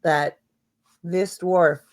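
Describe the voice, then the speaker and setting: Slow, hesitant woman game master. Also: on the low side, steady tone. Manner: slow, hesitant narration with many fillers. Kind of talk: narrating a tabletop game.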